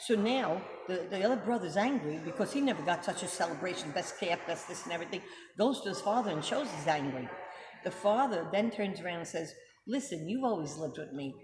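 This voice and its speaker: A woman's voice: on the low side, animated, a little fast. Emphatic middle-aged woman, echoey room. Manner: emphatic, rhetorical questions, checking with listener. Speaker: host. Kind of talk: casual religious commentary. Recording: echoey room with background noise.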